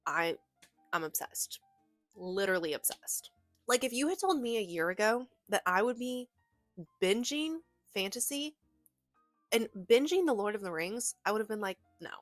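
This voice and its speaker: A woman's voice: mid-range voice, fairly bright tone, no echo. Chatty young woman gushing about books. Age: young adult. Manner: chatty and gushing, with many fillers and restarts. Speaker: book vlogger. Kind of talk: casual chat. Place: bedroom.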